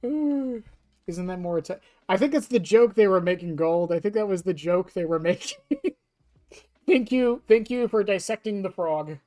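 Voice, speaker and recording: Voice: mid-range voice, moderate pace, warm tone, no room sound. A streamer with a cracking voice, laughing often and joking with chat during live gaming commentary.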